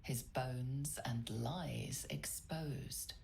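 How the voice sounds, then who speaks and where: A hushed female game narrator reads out discoveries in a breathy whisper. Her voice is low and extremely slow, with a gravelly edge. It comes through faintly, from far off, under the stream. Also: over a noisy crowd, heavily acted.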